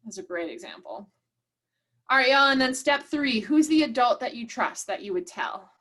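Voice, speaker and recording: On the high side and expressive, her pushed, bright voice moves at normal speed as she facilitates an online workshop. She reads attendees' chat replies out loud and encourages them cheerfully, often saying "y'all."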